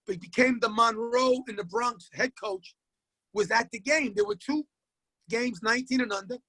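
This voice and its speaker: A man, a high school basketball coach telling stories in a casual interview, animated and acting out voices. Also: moderate pace, slightly rough, dry recording. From Queens, New York. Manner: animated storyteller who acts out voices and repeats himself.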